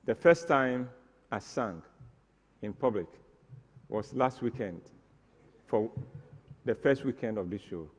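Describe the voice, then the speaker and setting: A man's voice: mid-range voice, slow pace, pauses often, slightly rough, in a large hall. A man tells a comic story on stage, acting out the scenes with mock drama. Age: 60s. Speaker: stage performer.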